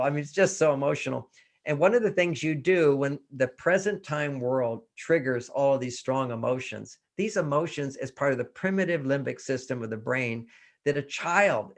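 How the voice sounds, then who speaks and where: An older man telling personal stories and giving relationship advice in a live interview, animated and often laughing. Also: mid-range voice, vocal fry. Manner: animated storyteller, acts out quotes, laughs often. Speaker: relationship author and guest.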